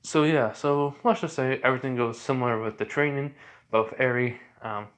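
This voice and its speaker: A man's voice: medium pitch, normal speed, fairly bright tone. A young man narrating a fan story in a casual, improvised way, rambling and correcting himself as he goes. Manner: rambling, self-correcting, lots of fillers.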